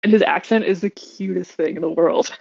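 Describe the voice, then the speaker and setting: Woman player, creaky voice, rambling casual chat, muffled lo-fi audio. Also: lowish voice, a little fast, a little mellow, dry recording. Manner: rambling, full of "like" fillers. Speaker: tabletop game player.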